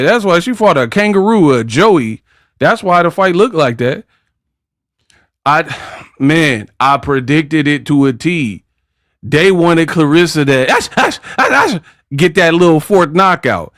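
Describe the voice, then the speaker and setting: A man's voice: on the high side, fairly bright tone, no room sound, studio quality. A man hosting a casual boxing commentary vlog, talking in brash, slangy trash talk. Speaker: boxing commentary channel host.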